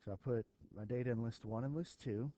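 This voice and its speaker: A man's voice: mid-range voice, brisk, dark tone, rough recording. A man teaching a recorded statistics lesson, thinking aloud with fillers as he works through an example for his students. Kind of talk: recorded math lesson walkthrough.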